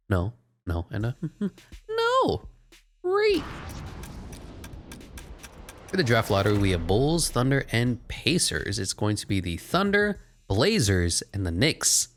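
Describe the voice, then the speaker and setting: A man giving casual, sarcastic running commentary while playing a video game, swinging between mocking asides and excited play-by-play. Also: sits low.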